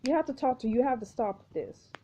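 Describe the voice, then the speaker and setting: A woman's voice: on the high side, quick pace, dark tone, close to an everyday voice. Woman voicing an urgent, pleading protagonist. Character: desperate young protagonist begging for friends.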